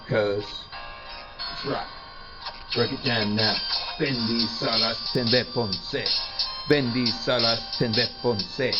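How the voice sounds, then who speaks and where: A man's voice: mid-range voice, lightly acted. A man voicing a hyped-up male rapper who chants a rhyme in a rhythmic call-and-response style over a beat. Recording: muffled audio over loud music.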